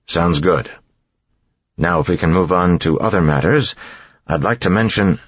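A man's voice: sits low, normal speed, breathy edge, no room sound, dull audio. Man reading as an earnest young king.

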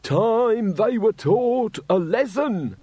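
Furious street ranter, way higher pitched, slow shouty drawl, dry sound. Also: male voice, animated, no room sound, heavily acted. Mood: ranting. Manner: screaming, slow and drawn out. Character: ranting male street speaker, furious agitator.

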